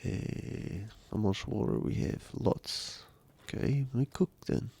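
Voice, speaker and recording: A man's voice: lowish voice, slow, vocal fry, husky. A man streaming a survival game live, chatting casually with viewers while he plays, his voice nasal and stuffy from a cold. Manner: relaxed, chatty, reads chat aloud.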